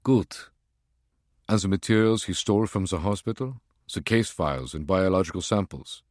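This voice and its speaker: A man's voice: low-pitched, normal speed, no room sound, clean studio sound, natural voice. A man playing a cold, curt conspirator boss.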